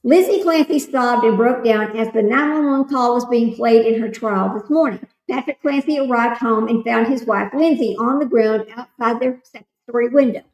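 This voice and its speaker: A woman's voice: a little high, normal speed, few pauses, a little mellow, echoey room, poor audio. A woman hosting a casual livestream, reading aloud and chatting loosely with her viewers. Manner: reads aloud, then chats loosely with viewers. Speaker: livestream host.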